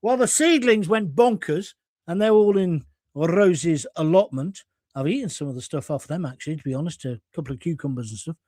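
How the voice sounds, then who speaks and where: A man's voice: on the high side, animated, brisk, a little mellow, no echo, studio quality. A middle-aged man from England hosting a live stream, reading out viewer comments in a blunt, combative, chatty way and swearing freely. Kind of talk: casual live-stream chat.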